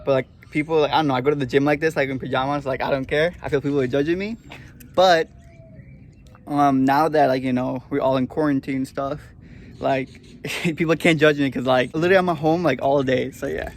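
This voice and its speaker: A man's voice: medium pitch, steady tone, brisk, a little hiss or hum. Rambling young man telling a storytime. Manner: rambling, heavy filler words. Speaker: vlogger. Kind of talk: casual storytime vlog.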